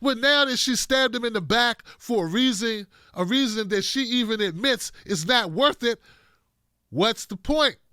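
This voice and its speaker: A man's voice: extremely high pitch, expressive, unhurried, pushed and bright, clean tone, no echo, clean studio sound. A man giving blunt, profane political commentary, speaking straight to his viewers with heavy emphasis.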